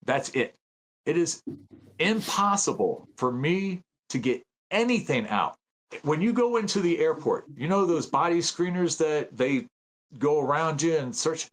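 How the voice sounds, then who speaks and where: A man in his fifties from the United States, a guest telling stories in a casual interview, excitable and acting out the voices he quotes. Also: fairly high pitch, unhurried. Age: 50s. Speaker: podcast guest, veteran and citizen journalist.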